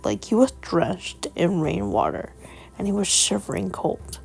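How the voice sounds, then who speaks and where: A woman's voice: mid-range voice, vocal fry, a little mellow, slightly rough, soft background music, rough recording. A woman telling a storybook tale dramatically, often correcting herself as she goes. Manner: slow, self-correcting, dramatic. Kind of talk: emotional storybook narration.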